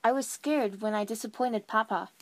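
A woman's voice: a little high, moderate pace, natural voice. A woman voicing an anxious, earnest young male unicorn colt in a fan audio drama. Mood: troubled.

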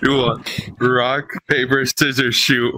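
A young man in a casual voice chat, teasing and excited, laughing between lines. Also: mid-range voice, slow pace, background noise.

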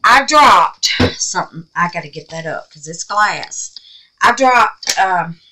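In a rough recording, a woman with a low, expressive, sharp-toned voice talks slowly as she shows her viewers gifted supplies on her resin craft channel. Her casual chat is warm and gushing, full of "honey" and "baby," with muttering to herself as she handles the items.

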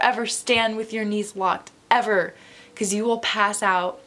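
A young woman talks straight to her viewers in a casual vlog. She tells a personal story in a chatty, lively way. She acts out the lines of the people in it. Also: mid-range voice. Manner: chatty, animated storytelling with many likes. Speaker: vlogger.

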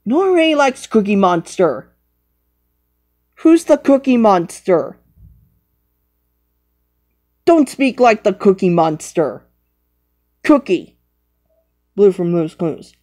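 A woman scolding and bantering through improvised toy play, repeating herself with sudden high loud cries. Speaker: vlogger.

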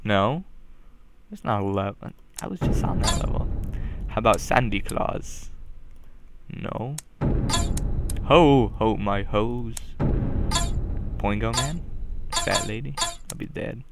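A man doing goofy let's play commentary, joking along and bursting into loud yelps. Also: mid-range voice, wildly swooping pitch, takes it slowly, gravelly, pauses often, noisy background. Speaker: gaming commentator.

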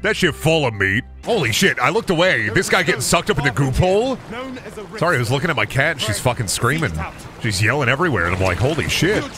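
A man streaming a video game, talking crudely and excitably and laughing often. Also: medium pitch, fast. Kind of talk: casual gameplay commentary. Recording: music playing behind the voice.

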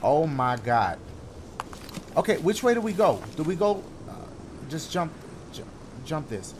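A man giving excitable, jokey let's-play commentary, slangy and talking to himself as he plays. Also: fairly high pitch, a little slow, noisy background. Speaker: gaming YouTuber. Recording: game music under the voice.

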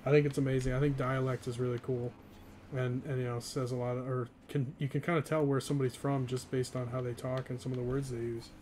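A man's voice: mid-range voice, little pitch movement, fast, a little mellow, slight background noise. A young man in his twenties, from the northeastern US, chatting casually and rambling with chat while streaming a game, often laughing.

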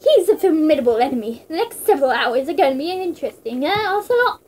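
A woman's voice: sits high, very animated, fast talker, a little mellow, slight background noise, voice pushed up. A woman voicing a cold, scheming male mercenary leader in a story reading, giving commanding orders. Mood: smug.

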